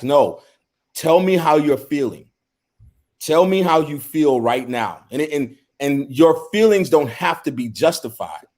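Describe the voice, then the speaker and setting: A man's voice: a little high, darkish tone. A middle-aged man on a men's talk show, speaking earnestly in casual conversation and often repeating words as he starts a thought.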